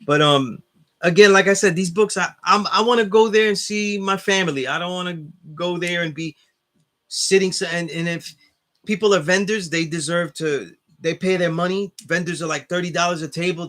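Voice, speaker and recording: Man, New York accent, casual livestream talk, slightly high voice, bright tense tone, rambling. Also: moderate pace. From New York area. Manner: rambling, full of "you know what I'm saying". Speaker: class instructor reading live chat.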